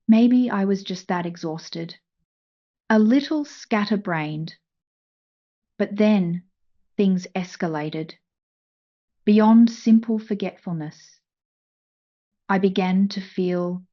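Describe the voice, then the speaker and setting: A woman narrating a first-person story in a soft, measured, emotional way. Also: mid-range voice, muffled recording.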